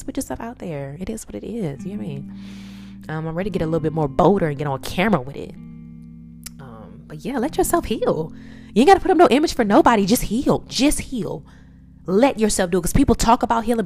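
A woman giving an unscripted motivational talk, her voice swinging between hushed near-whispers and loud emphatic bursts. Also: sits low. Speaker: podcaster sharing personal testimony. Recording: guitar music playing under voice.

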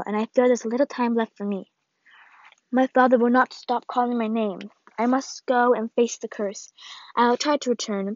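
Woman reading as an old grandmother, grave, solemn, measured, higher voice, dry lo-fi sound. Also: a little mellow, dry recording, natural voice. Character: old, ailing grandmother writing a grave farewell letter. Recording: dull, lo-fi dry read.

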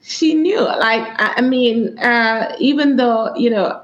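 A woman with a Jamaican accent answering interview questions as a guest author and coach, earnest and quick to laugh. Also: on the high side. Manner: earnest, testimonial, laughs often. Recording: echoey, dull lo-fi room sound.

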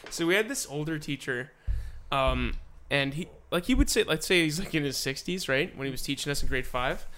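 A man's voice: on the high side, fairly quick. A young man co-hosting a podcast, casually telling school stories, acting out voices and laughing often. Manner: animated storyteller, acts out quoted voices, laughs often. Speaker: podcast co-host. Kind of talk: casual chat.

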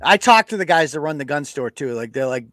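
Profane high-pitched man ranting. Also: lively intonation, a little fast, a bit bright, dry recording. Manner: profane, blunt, acts out quoted exchanges. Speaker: podcast host. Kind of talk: casual live-show rant.

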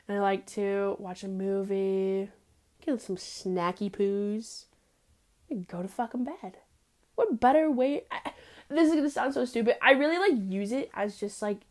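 A woman's voice: mid-range voice, a little mellow. Sassy, profane young woman rambling. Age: young adult. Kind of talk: casual confessional monologue.

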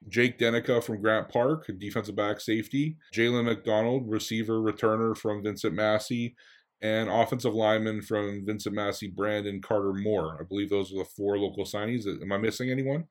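A man's voice: on the low side, fairly even intonation, fairly quick. Man hosting a sports podcast. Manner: conversational, asks long rambling questions. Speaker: podcast host and football coach. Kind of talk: casual podcast interview.

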